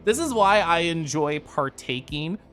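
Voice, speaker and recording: Giggly, animated young man streaming. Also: a little high, measured pace, faint music behind. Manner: giggly, animated, chatty with viewers. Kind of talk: casual stream chat.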